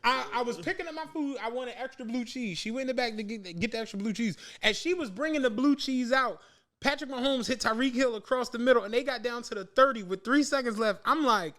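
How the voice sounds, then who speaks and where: A man chats on a podcast with a high, bright voice. He tells profane, animated stories and acts out what people said. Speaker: podcast co-host. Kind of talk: casual chat.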